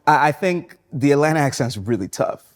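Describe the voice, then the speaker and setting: A young man, an actor guesting on a talk show, speaking in a thoughtful, measured and reflective way. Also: a little high, animated. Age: young adult. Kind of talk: casual interview chat.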